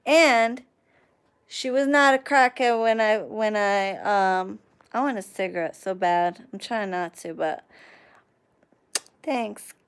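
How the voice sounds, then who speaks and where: Young woman on a livestream telling a wild story, cussing nonstop, stopping to thank chat, smooth clear voice. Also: mid-range voice, slow, long pauses. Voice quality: profane, animated storyteller. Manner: reads and thanks chat viewers mid-story. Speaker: livestream host.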